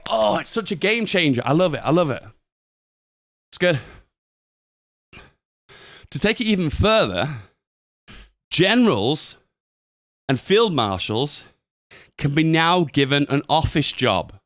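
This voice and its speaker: Guy hosting a gaming channel, lively swoopy delivery, dry close sound, laughs and swears. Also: on the high side, takes it slowly, pauses often, no room sound. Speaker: gaming YouTuber. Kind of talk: casual commentary on a game update.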